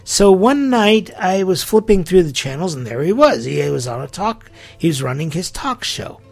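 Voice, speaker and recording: A man's voice: high voice, sing-song, moderate pace, vocal fry. A middle-aged man hosting a podcast, talking through an opinion monologue in an incredulous, rhetorical way. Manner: incredulous, rhetorical, acts out quotes. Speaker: podcast host.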